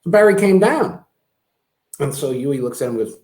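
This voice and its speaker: A man chatting casually as a guest, halting, with restarts and laughs at his own stories. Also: a little high, animated, a little mellow, reverberant. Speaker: guest, brother of the host. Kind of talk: casual chat.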